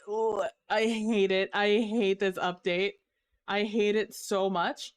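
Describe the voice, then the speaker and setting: A woman streaming live and chatting with her viewers in an unhurried, drawn-out way. She complains with theatrical exasperation and groans between her sentences. Her voice sits at a middle pitch. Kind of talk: casual live-stream chat.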